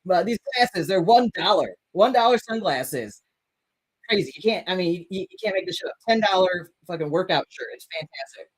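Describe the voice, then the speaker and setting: Hosting a laid-back livestream, a man with a high voice and lively intonation reads viewer comments at a normal pace. His talk rambles, with self-corrections, stumbles and casual swearing throughout. The audio is poor.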